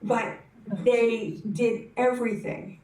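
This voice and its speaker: A woman telling a personal story to a conference audience, animated and acting out the voices in her story, often restarting her sentences. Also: a little high, takes it slowly. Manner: frequent self-corrections and restarts. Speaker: conference speaker. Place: conference hall. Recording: roomy hall, speaker distant from the mic.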